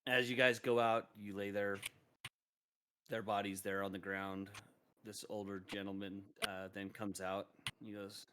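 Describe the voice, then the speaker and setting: A man's voice: lowish voice, flat delivery, unhurried, fairly bright tone, smooth. A man narrating a tabletop game as game master, in a casual way with frequent fillers.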